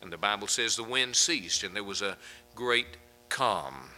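A man's voice: lowish voice, animated, measured pace, pushed and bright, faint music behind, poor audio. A man preaching a sermon as pastor, folksy and conversational, chuckling between points.

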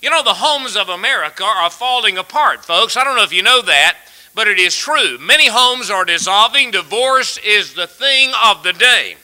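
A man's voice: sits high, expressive, normal speed, pushed and bright, poor audio. A man preaching a sermon in a folksy, earnest way, telling a humorous story to his congregation. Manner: folksy, earnest, tells stories and jokes.

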